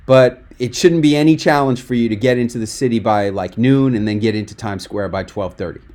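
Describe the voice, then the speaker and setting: This man's mid-range, slightly mellow voice moves briskly as he coaches someone over video on their webinar. He is straightforward and forceful, but encouraging.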